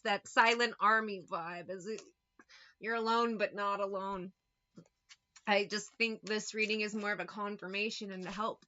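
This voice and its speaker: A woman's voice: medium pitch, bright, forceful tone, muffled recording. A woman giving a channeled tarot reading, emphatic and encouraging, swearing casually as she talks. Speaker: tarot reader.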